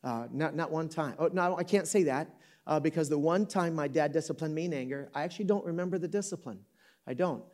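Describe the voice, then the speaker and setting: This is a pastor from Michigan, a man in his fifties whose voice runs high, brisk and a bit dark. Before a live audience in an auditorium, he tells a story in a chatty sermon, cracking jokes and fixing his own words.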